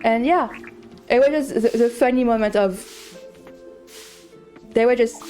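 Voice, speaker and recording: A woman's voice: a little high, lively intonation, moderate pace, long pauses, warm tone, faint music behind. A woman streamer chatting casually while playing a farming game, telling a story with many restarts and repeats.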